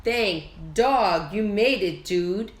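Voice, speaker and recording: A woman's voice: mid-range voice, animated, drawn-out words, echoey room. A woman voicing a bold, playful boy kitten who thinks he's a chihuahua, in a sing-song, dramatic storybook manner.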